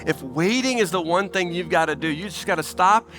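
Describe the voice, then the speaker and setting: A man preaching a sermon as pastor, earnest and pleading, repeating phrases for emphasis and swinging between animated bursts and soft, low asides. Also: brisk, music in the background.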